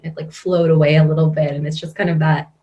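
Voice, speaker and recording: Expressive lower-voiced woman coach, lo-fi. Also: fast talker. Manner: expressive, rambling with many "like" fillers, laughs often. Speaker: guest business coach. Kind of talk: casual podcast interview.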